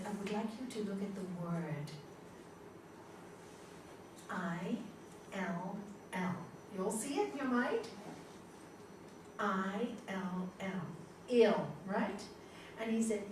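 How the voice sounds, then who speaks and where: A woman's voice: medium pitch, recorded from a distance, a little hiss or hum. Woman teacher in an echoey hall. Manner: storytelling, animated, laughs often. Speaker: yoga teacher. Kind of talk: spiritual talk to a class. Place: large hall.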